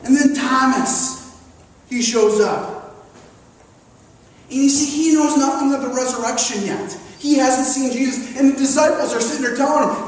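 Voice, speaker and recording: A man's voice: very high-pitched, normal speed, a little hiss or hum. A man preaching a sermon, emphatic, acting out the people in the story he tells. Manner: emphatic, acts out the disciples and Thomas. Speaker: pastor. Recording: echoey hall recorded from far off.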